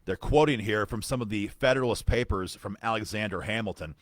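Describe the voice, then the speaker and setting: A man's voice: fairly low pitch, brisk, few pauses, no room sound, clean studio sound. A man hosting a live-streamed political commentary, fired up and emphatic, repeating phrases for punch and making asides to viewers while reading documents. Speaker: gun-rights advocacy host.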